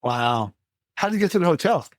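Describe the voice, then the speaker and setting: A man's voice: a little high, very animated, brisk, no echo, clean studio sound. A man hosting a podcast interview, reacting to his guest with short interjections and questions. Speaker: podcast host.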